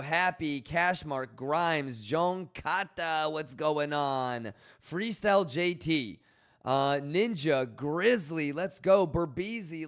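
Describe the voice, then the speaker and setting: A young man live-streaming in a loose, rambling way, chatting casually and shouting out viewers by name. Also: fairly high pitch. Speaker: livestreamer.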